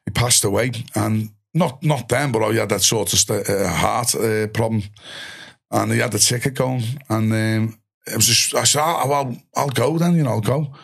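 Middle-aged scouse guy telling a wild story, husky gravelly voice, swears a lot, does everyone's voices. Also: fairly low pitch, normal speed. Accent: Liverpool. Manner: animated, swears freely, acts out voices of friends. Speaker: guest. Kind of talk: storytelling in casual chat.

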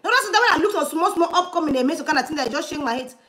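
A woman giving animated livestream commentary, laughing often and dropping into murmured asides. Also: high voice, very fast.

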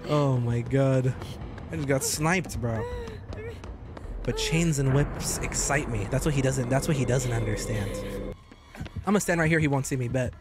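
A man giving joking, excitable commentary while streaming gameplay, often breaking into high shouts. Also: moderate pace, over music. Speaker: gaming streamer.

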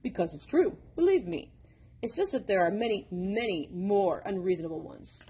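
A woman's voice: mid-range voice, expressive, normal speed, mellow, slightly rough. A woman voicing an impish, impatient male number devil who lectures like a know-it-all, in a storybook reading. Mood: teasing.

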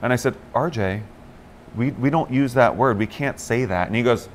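At a moderate pace, a man with a mid-range voice co-hosts a morning talk show over a little hiss or hum. Chatting casually, he tells stories with animation and imitates the voices of people he quotes.

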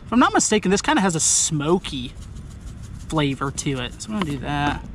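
An upbeat, chatty man vlogging outdoors on the coast, thinking aloud as he cooks and tastes. His voice sits a little on the high side for a man. A faint wash of outdoor noise sits behind him. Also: big pitch swings, a little fast. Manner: upbeat, chatty, talks to himself while deciding. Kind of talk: casual narration to camera while cooking.

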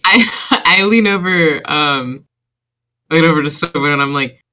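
A woman's voice: sits low, unhurried. A woman player in a tabletop game, telling what her character does with lots of laughter. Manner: laughing, animated storytelling.

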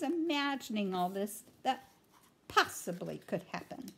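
A woman teacher reading a storybook aloud to young children, expressive with asides to her listeners. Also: lowish voice, takes it slowly, husky.

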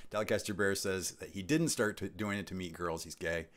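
A man's voice: low voice, normal speed, background noise. A man in his sixties hosting his channel's live stream, chatting casually and reading out viewer comments with rambling asides. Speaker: channel host.

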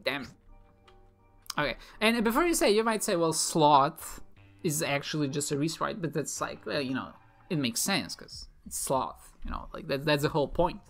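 A woman with a low, gravelly voice talks through her gameplay in a loose, chatty way. She rambles and restarts, laughs at herself often, and keeps a relaxed, self-deprecating tone. Faint music plays underneath. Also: normal speed. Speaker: gaming video creator. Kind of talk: casual let's-play commentary.

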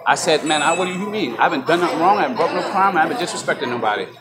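A man's voice: a little high, lively intonation, loud music behind the voice, over a noisy crowd. A man filming himself on a phone in a large store, heated and profane in an angry confrontation. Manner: heated, profane, fast-talking. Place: large retail store indoors. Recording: loud store noise behind. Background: store ambience.

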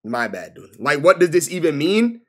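Animated young-sounding male streamer. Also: a little high, normal speed, husky. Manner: animated, exclaiming, profane, says bro constantly. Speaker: live streamer. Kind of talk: casual live-stream reaction commentary.

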